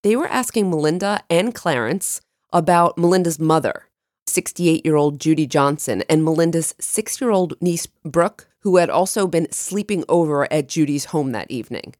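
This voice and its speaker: A woman co-hosting a true crime podcast, chatting and narrating a case with lively jumps in pitch when excited. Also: moderate pace, dry recording, studio quality. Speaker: podcast co-host.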